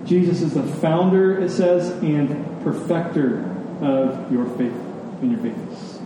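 A man's voice: fairly high pitch, fairly even intonation, unhurried, background noise. A man preaching a sermon as a pastor, emphatic and rhythmic, leaning on key words. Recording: echoey hall, distant mic.

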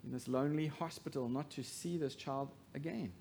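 A man preaching a sermon as pastor, swinging from hushed to loud emphasis and asking the congregation rhetorical questions. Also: a little high, normal speed, creaky, slight background noise.

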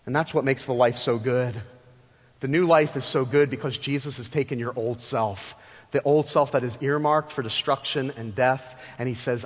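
A male pastor preaching a sermon in an animated way, asking his congregation rhetorical questions and acting out the voices he quotes. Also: mid-range voice, moderate pace. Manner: tells stories, acts out quoted voices. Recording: long reverb of a large church hall.

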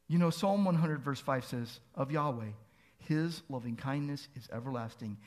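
A man's voice: medium pitch, a little mellow. A man preaching a sermon as pastor, earnest, asking pleading rhetorical questions and building to emphatic peaks.

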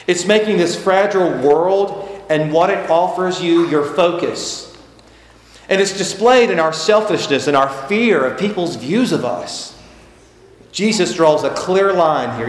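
A man preaching a sermon as pastor, stressing points by repeating them. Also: fairly high pitch. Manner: emphatic, repeats key phrases for stress. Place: church sanctuary. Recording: echoey church hall with faint noise.

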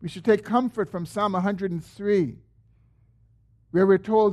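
Pastor guy preaching, pretty high voice, earnest, gets loud on the prayer bits then drops way down. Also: moderate pace. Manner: earnest preaching that swells when quoting prayer. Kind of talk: sermon.

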